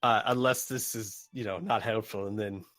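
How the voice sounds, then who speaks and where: A man's voice: fairly low pitch, fairly even intonation, moderate pace, music in the background. A man playing in an online tabletop game who talks hesitantly and politely. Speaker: player. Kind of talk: casual chat in a tabletop game.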